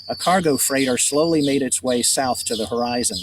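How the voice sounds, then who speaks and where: A man's voice: mid-range voice, brisk. A man, an author, reading his book aloud to children outdoors, adding casual asides. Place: outdoors among trees by beach. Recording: distant outdoor mic, birdsong noise.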